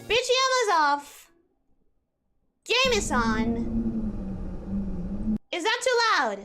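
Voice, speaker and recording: A young adult woman streaming a game, chatting casually with her chat, excitable, laughing often and repeating herself. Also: a little high, extremely slow. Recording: music playing in the background.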